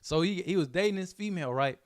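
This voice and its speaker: A young man from Chicago reacting to a news clip in casual, animated commentary full of slang and repetition. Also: high-pitched, fast, no echo, clean studio sound. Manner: animated, streetwise slang, repeats himself. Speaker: reaction video host.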